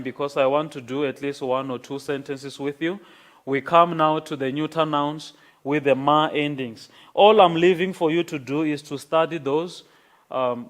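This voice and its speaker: A man lecturing a class on grammar, speaking slowly and checking in with "okay?" after his points. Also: on the high side. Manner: slow, repeats words and checks in with "okay?".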